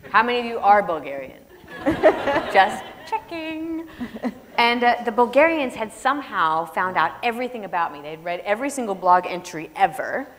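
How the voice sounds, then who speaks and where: On a large opera house stage before an audience, a woman guest author with a medium-pitched voice shares comic stories during a storytelling Q&A. She's lively and laughs as she talks into a stage microphone, and the reverberant hall carries faint noise.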